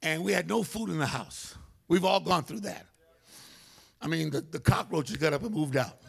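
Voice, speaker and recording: A man preaching a humorous storytelling sermon in a church, animated and comic, acting out voices. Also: a little high, normal speed, creaky, slightly rough. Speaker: guest preacher. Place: church sanctuary.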